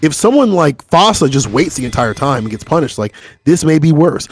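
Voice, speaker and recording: A man doing live fighting game commentary, excitable and chatty, talking to the stream chat. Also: fairly high pitch, a little fast. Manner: excitable, hype, talks to chat. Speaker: esports commentator.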